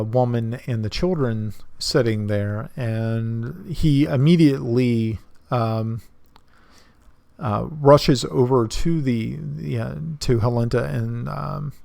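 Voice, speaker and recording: A man narrating as game master in a tabletop role-playing game, with halting speech full of fillers. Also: medium pitch, vocal fry, a little mellow, no room sound.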